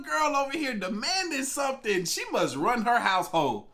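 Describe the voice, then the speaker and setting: A young man with a fairly high voice hosts a live stream and chats loosely with his viewers in easygoing slang. His talk stays casual and conversational throughout. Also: moderate pace, hardly any pauses, noisy background. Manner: relaxed, slangy, chatting with viewers. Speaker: livestream reaction host.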